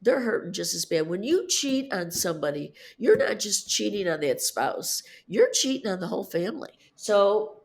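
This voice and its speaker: A woman in her fifties telling the story of her divorce on a podcast, animated, her voice climbing high when she is upset. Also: normal speed, hardly any pauses. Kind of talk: emotional personal storytelling.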